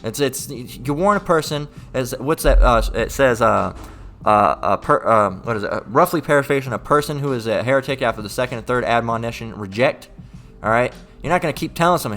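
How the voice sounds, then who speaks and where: Blunt, profane male preacher, mid-pitched voice, faint music under him. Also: brisk, fairly bright tone. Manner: blunt and profane, repeating "all right?" after each point. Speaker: street preacher. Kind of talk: informal preaching with scripture reading.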